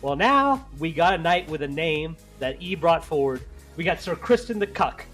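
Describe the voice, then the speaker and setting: A man hosting a casual TV recap podcast, talking in an animated, slangy, joking way. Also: a little high, moderate pace, faint music behind. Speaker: podcast host.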